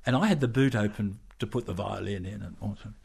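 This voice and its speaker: A man's voice: fairly low pitch, fairly quick, creaky, breathy edge. Australian older man telling stories. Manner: lively storyteller who acts out quoted voices. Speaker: interview guest. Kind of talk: anecdotal storytelling.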